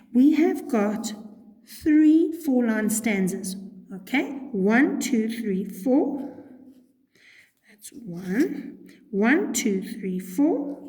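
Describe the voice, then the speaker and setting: A woman with a warm, somewhat high voice patiently guides students through a poem one step at a time, checking in often with "okay." This recorded poetry lesson takes place in an echoey room with long reverb.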